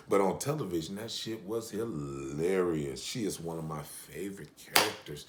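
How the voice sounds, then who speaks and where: A man's voice: deep voice, normal speed, hardly any pauses, a little hiss or hum. A man reviewing a TV episode in casual recap chat, joking and swearing, with asides to his wife. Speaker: TV show reviewer.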